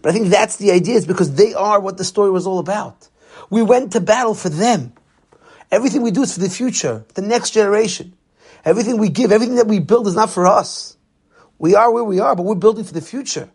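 A man's voice: high voice, fast, a little mellow, slightly rough. A man giving a sermon as a rabbi, telling stories and using Yiddish and Hebrew terms.

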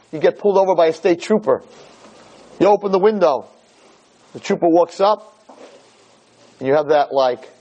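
A man delivering a religious lecture with a high voice. He tells animated stories and slips into the people he is describing. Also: low-quality recording. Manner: animated storytelling, acting out scenes.

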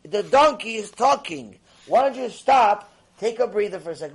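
Man, high-pitched, rabbi lecturing on Torah, playful storyteller who acts out voices. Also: normal speed, hardly any pauses, husky. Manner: animated, acts out dialogue, conversational with Hebrew terms.

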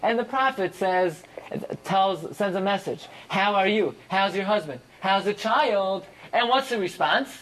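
Torah class teacher, reads Hebrew lines then English, mid-pitched, dramatic, emphatic rises. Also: expressive, unhurried, a bit bright, rough recording. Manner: reads Hebrew phrases and translates each into English; dramatic, swings sharply up for emphasis. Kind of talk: verse-by-verse Bible class.

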